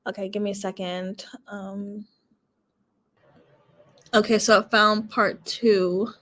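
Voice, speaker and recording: A woman's voice: mid-range voice, flat delivery, slow, a bit bright. A woman reacting aloud to a story, exclaiming and flustered. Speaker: viewer reacting. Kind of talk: casual reaction chat.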